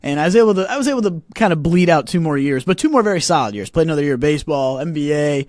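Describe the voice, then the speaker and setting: A young man in his twenties hosts a casual studio podcast, his voice sitting a little high for a man. He talks in an animated way and stumbles over repeated words as he gets going. The sound is dry and close, with no room around it. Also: rapid-fire, dry recording. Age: 20s. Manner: animated, repeats words when starting sentences. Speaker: podcast host.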